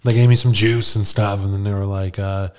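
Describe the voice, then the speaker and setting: A middle-aged man from New York speaks as a guest, spinning a personal story in easygoing, slangy talk. His voice sits a little low. He keeps slipping into the voices of the people he quotes. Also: little pitch movement, fairly quick, a little mellow, clear, resonant tone. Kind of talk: casual storytelling.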